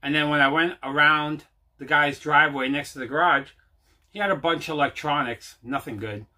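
A man with a somewhat high, bright, forceful voice hosts his own show from home. He rambles through his tale in a loose, chatty way, circling back and stacking up fillers. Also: steady tone, brisk. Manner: rambling, repeats himself, many fillers. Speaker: host. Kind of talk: casual storytelling to camera.

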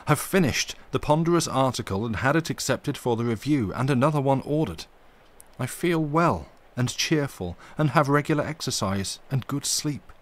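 A man reading a ghost story aloud on a live stream, with expressive, dramatic emphasis. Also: mid-range voice, moderate pace.

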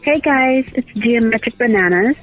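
A woman's voice: on the high side, animated, normal speed, a bit bright, faint music behind, rough recording. A woman caller leaving a playful, mock-angry voicemail for a podcast. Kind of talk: chatty voicemail.

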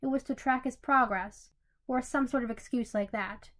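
A woman reading a fanfiction story aloud in a fairly high voice. Her narration is even, with small slips that she corrects as she goes. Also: moderate pace. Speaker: story reader.

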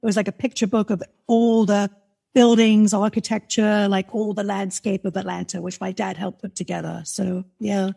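A woman in her forties from London with a softened English accent, chatting animatedly as an interview guest and laughing often. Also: medium pitch, little pitch movement, moderate pace, creaky, husky. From London, England. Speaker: guest, music marketer. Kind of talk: casual interview chat.

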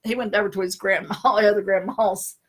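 Speaking at medium pitch with a breathy edge and a slightly fast pace, this middle-aged woman works as a spiritual consultant. On her live stream she tells stories, laughs a lot, and breaks into lively impressions.

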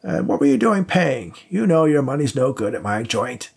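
A man voicing a gruff middle-aged woman cook with a smoky, rough voice and a brusque, bossy manner. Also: mid-range voice, sing-song, moderate pace, pitched above the performer's own voice, full character voice.

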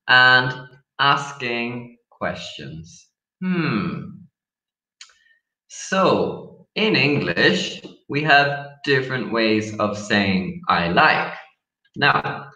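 A man from Ireland, teaching an online English lesson slowly, with many pauses and fillers. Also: mid-range voice, very animated, bright, forceful tone. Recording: echoey room, dull lo-fi sound.

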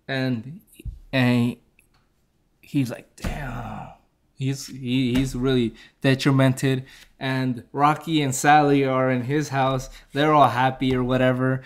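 A man casually retelling a movie's plot, rambling with lots of fillers and chuckling at his own jokes. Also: medium pitch. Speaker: movie reviewer.

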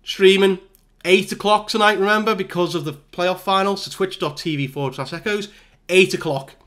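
A man's voice: high voice, moderate pace, fairly bright tone. Give me a man doing chatty, self-mocking commentary on a football management game. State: out of breath. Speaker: gaming YouTuber. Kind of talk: casual let's-play commentary.

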